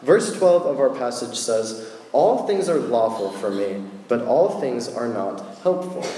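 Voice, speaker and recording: A man's voice: mid-range voice, big pitch swings, a little slow, mellow. A man giving a casual sermon, chatty and joking with slangy asides. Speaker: preacher. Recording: echoey hall with long reverb.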